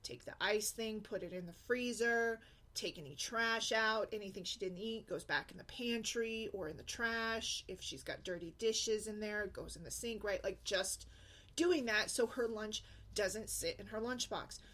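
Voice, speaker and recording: A woman's voice: medium pitch, moderate pace, fairly bright tone. A woman talking in a casual vlog, venting bluntly and emphatically about her daughter's attitude. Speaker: single mom blogger.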